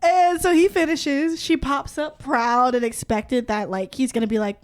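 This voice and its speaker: A woman's voice: high voice, fairly even intonation, moderate pace. A woman co-hosting a casual book-club podcast, reading passages aloud with relish and laughing often. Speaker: podcast co-host.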